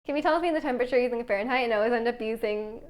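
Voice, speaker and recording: A young woman with a high voice chats on a live stream from her home kitchen. She reads viewers' messages aloud and rambles easily between them, filling her sentences with "like". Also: racing. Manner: chatty, reads chat aloud, many "like" fillers. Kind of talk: casual live-stream chat while baking.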